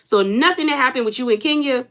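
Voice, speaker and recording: A woman's voice: sits high, fast. A woman hosting a casual reality TV recap, animatedly acting out what the cast said. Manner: animated, acts out cast members' lines. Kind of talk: casual chat.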